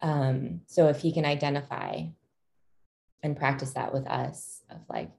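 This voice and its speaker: A woman's voice: deep voice, fairly even intonation, measured pace, creaky, warm tone. A woman in her thirties, a parent, talking thoughtfully and casually, with frequent ums and restarts. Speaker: parent sharing her experience. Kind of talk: reflective casual conversation.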